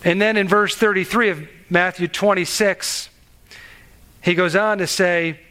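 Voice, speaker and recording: A man's voice: sits high, steady tone, measured pace, pushed and bright. A man preaching a sermon in an earnest, conversational way, asking the listeners questions and restarting his sentences. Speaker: pastor.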